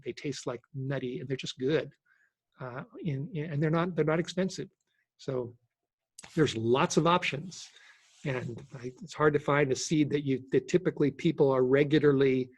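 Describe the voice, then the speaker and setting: A man in his sixties hosting a casual question-and-answer webinar, talking in a relaxed, halting way with many restarts. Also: mid-range voice, no room sound. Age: 60s. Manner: halting, repeats words, relaxed. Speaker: host.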